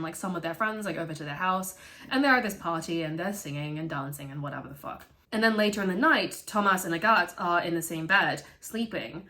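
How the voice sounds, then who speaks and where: Lowish woman rambling through a movie plot, swearing a lot, acting out the lines. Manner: animated, swearing freely, acting out characters' lines. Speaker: video essayist. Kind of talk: casual film recap.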